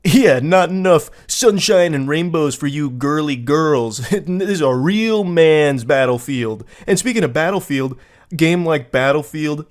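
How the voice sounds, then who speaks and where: A man voicing a mocking impression of a pushy young man, whiny and taunting. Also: fairly high pitch. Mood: boastful.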